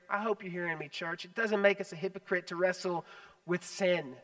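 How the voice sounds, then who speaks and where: A man preaching a sermon as pastor, animated, swinging between loud emphasis and hushed asides. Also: high voice, fairly quick, recorded from a distance, low-quality recording. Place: church sanctuary.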